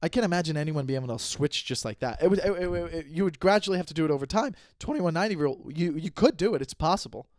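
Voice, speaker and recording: A man's voice: fairly high pitch, fast, hardly any pauses, dry recording, studio quality. A man in his thirties hosting a solo podcast, ranting in an exasperated, comedic way and often restarting his sentences. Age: 30s. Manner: animated, exasperated, repeats and restarts himself. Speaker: podcast host.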